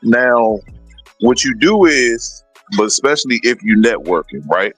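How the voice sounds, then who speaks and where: A man talking in a casual livestream conversation as a guest breeder, animated and telling stories, acting out what other people say. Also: mid-range voice, unhurried, slightly rough, no echo, faint music behind, poor audio.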